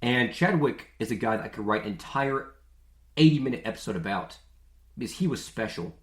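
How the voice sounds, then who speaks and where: A man's voice: mid-range voice, expressive, fairly quick. A male podcast host talking in a casual, jokey monologue, with a mid-range voice. He is chatty and leans on filler words. The recording rings in an echoey room.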